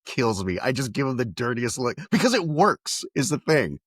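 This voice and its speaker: A man hosting a podcast, chatting casually and telling rambling, animated stories. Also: mid-range voice, normal speed, dry recording, studio quality. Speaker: podcast host. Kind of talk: casual chat.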